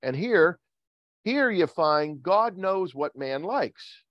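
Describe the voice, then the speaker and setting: Pastor, male, fairly high voice, jokes with the congregation, dull video-call sound. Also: slow pace, no room sound. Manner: joking, asks the congregation questions, lively swings in pitch. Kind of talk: sermon. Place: church. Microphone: video call recording.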